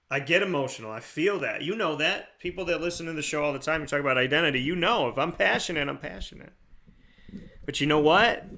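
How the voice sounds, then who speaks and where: A man's voice: fairly high pitch, bright, forceful tone. An American man hosting a talk show, speaking with earnest passion and repeating his key phrases for emphasis. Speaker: radio show host. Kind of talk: heartfelt talk show monologue.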